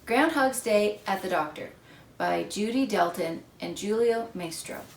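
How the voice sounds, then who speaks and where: A woman reading a picture book aloud for children in an expressive storytelling voice. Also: medium pitch, a little slow, creaky, slight background noise. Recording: echoey room.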